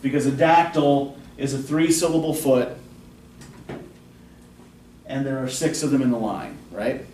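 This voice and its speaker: A man's voice: mid-range voice, a little slow, pauses often, mellow. Guy teaching poetry meter to a class, patient, keeps asking questions, echoey room, mic far off. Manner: explains patiently, asks the class frequent questions. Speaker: college English instructor. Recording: roomy classroom from a distance with faint noise.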